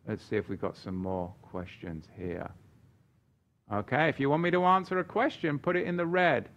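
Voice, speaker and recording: A man's voice: medium pitch, lively intonation, normal speed. A man preaching as he answers viewer questions on a Bible Q&A livestream, emphatic and chatty, with joking asides. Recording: dull lo-fi stream audio.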